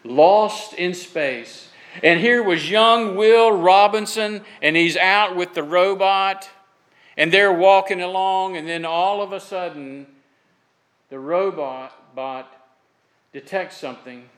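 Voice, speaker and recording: A man's voice: high voice, slow, fairly bright tone, poor audio. A man from Florida preaching a sermon as pastor, earnest and emphatic, telling folksy stories with humor. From Florida, USA.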